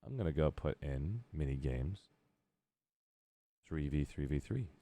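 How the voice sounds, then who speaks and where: Deep-voiced joking male streamer. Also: lively intonation, a little slow, dark tone. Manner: rambling, joking, chatty. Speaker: streamer host. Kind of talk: casual live-stream chat.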